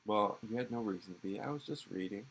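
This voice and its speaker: A man voicing an arrogant, condescending young male heir while reading game dialogue aloud, in a low gravelly voice. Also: fast, a bit bright, a little hiss or hum, low-quality recording. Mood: cold, haughty. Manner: haughty, dismissive.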